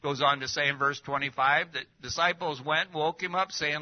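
A man preaching a sermon, full of rhetorical questions and swinging between loud and hushed. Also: on the high side, brisk. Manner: lively, rhetorical questions, drops to near-whispers. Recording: dull lo-fi recording.

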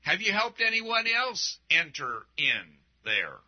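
Male pastor, fairly high voice, unhurried and rambling sermon delivery, muffled lo-fi audio. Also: big pitch swings. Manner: conversational, rambling with restarts and asides.

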